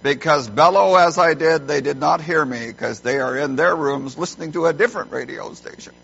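A middle-aged man preaching a sermon as a pastor, emphatic and animated when telling stories. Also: on the high side, fairly quick, vocal fry, slightly rough. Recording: dull lo-fi sound.

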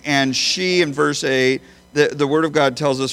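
A man preaching a sermon as a pastor, emphatic, swinging between loud high bursts and quiet low phrases. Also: moderate pace. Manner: emphatic, with big swings in pitch and loudness.

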